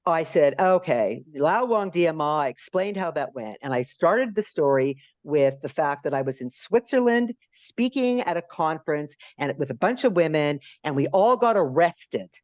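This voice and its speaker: Woman, 60s, podcast guest; lively storyteller with a low, highly expressive voice, dry mic. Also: normal speed, few pauses, no room sound. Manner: animated, acts out quotes in high voices.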